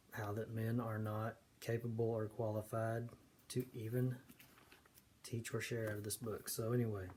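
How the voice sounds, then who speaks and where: A man giving casual, earnest commentary on scripture, stressing key words slowly. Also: medium pitch, mellow. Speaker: video preacher.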